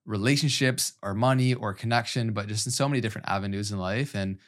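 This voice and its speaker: A man's voice: fairly low pitch, fast. A man hosting a podcast, asking long, rambling questions in a casual way. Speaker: podcast host.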